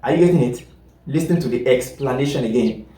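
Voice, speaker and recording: A man's voice: medium pitch, dark tone. A man teaching a logic class, repeating points, correcting himself mid-sentence and often asking whether his listeners follow. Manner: repetitive, keeps checking that listeners follow; halting, self-correcting explanations. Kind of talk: classroom lecture. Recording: echoey room, distant mic.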